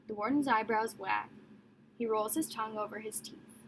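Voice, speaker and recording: A woman narrating a novel in the first person, in a measured, descriptive storytelling manner. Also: a little high, steady tone, noisy background. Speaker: audiobook narrator.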